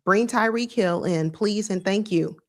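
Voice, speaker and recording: A woman hosting a sports live stream, greeting viewers by name in a relaxed, earnest chat. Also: mid-range voice, a little slow.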